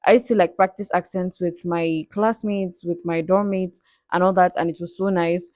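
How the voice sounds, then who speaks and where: A young woman with a fairly low voice, chatting through a Q&A vlog. She is candid and playful and laughs often. The sound is dry and close. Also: fairly even intonation, moderate pace, a little mellow, dry recording. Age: 20s. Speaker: vlogger answering viewer questions. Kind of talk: casual Q&A vlog.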